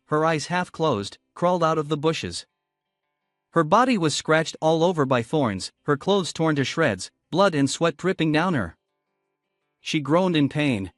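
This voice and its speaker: Guy narrating a comic recap, bouncy voice, soft music behind. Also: a little high, dry recording, clean studio sound. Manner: steady storytelling read. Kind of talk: scripted story narration. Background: faint background music.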